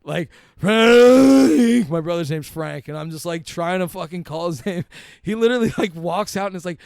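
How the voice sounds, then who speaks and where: A man's voice: on the high side, steady tone, a little fast, darkish tone, clean tone, dry recording, studio quality. A young man, a comedian and podcast guest, telling a long story in a laid-back, profane way. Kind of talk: casual storytelling.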